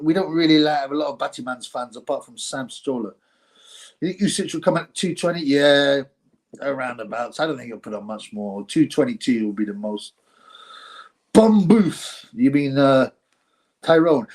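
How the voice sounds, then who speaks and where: A middle-aged man, hosting a casual live stream, reading viewer comments aloud, rambling and laughing often. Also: medium pitch. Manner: rambling, laughs often, breaks into mock announcer voices.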